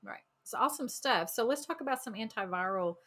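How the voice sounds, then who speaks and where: A woman co-hosting a casual health talk, speaking with enthusiasm and quick exclamations. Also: on the high side, expressive, bright, forceful tone. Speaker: podcast co-host.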